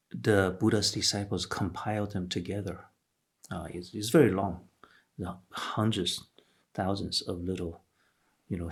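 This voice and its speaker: A man's voice: deep voice, a bit bright, slightly rough. A man giving a patient, explanatory Buddhist lecture, often restarting and saying "okay" between points. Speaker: Buddhist teacher. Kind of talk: Dharma lecture.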